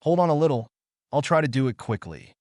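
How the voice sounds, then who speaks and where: A man's voice: fairly high pitch, animated, brisk, darkish tone, no echo, pitched above the performer's own voice, natural voice. A blunt, irritable young man voiced by a male narrator who snaps out short, exasperated lines. His voice sits a little above the narrator's own. The recording is close and dry. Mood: steadying. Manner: curt, exasperated.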